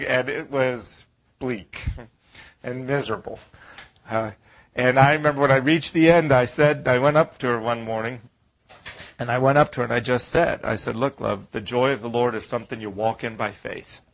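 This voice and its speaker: A man's voice: mid-range voice, poor audio. A middle-aged man preaching a conversational sermon, asking rhetorical questions and acting out complaining voices. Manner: animated, acts out whiny voices, rhetorical questions.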